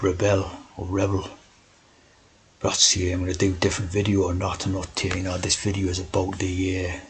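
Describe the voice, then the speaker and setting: Deep, flat-voiced man rambling. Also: breathy edge, poor audio. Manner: meandering, keeps asking "right?". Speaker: video host. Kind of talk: rambling monologue.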